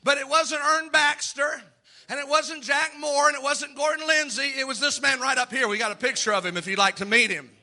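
A man's voice: very high-pitched, steady tone, a little fast, creaky, pushed and bright. A male pastor preaching a sermon in a church, fervent, acting out the voices of people he quotes.

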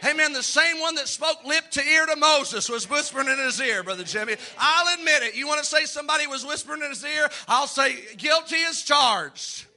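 A man's voice: extremely high pitch, a little fast, hardly any pauses, bright, forceful tone. A male pastor preaching a sermon in a church, fervent, acting out the voices of people he quotes.

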